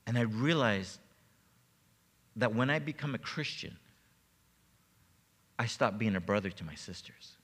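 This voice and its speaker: Pastor preaching with emotion in a reverberant hall. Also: male voice, lowish voice, lively intonation, unhurried, pauses often, a bit bright, slightly rough. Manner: emotional personal testimony, repeats words when moved. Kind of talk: sermon. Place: church sanctuary. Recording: long reverb of a church hall.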